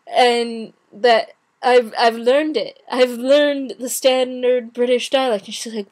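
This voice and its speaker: A young woman talks to camera in an unhurried, chatty way, pausing and restarting as she retells her day. Her voice sits a little high and she acts out other people's lines as she goes. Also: steady tone, a little mellow. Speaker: vlogger. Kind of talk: casual chat.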